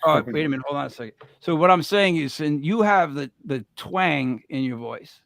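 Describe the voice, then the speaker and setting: A man with a Rhode Island accent, co-hosting a podcast and telling stories in an animated, casual way. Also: on the high side, moderate pace, vocal fry, no echo. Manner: animated storyteller, mimics voices. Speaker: podcast co-host. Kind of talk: casual chat.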